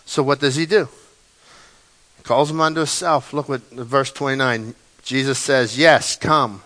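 A male pastor preaching a sermon, telling the story dramatically and swinging between loud and quiet passages. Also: medium pitch, normal speed, low-quality recording. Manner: animated, dramatic storytelling with big swings in loudness.

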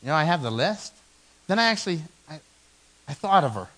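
Animated pastor man preaching a sermon. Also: a little high, a little fast, low-quality recording. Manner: storytelling, animated, self-mocking humor. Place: church sanctuary.

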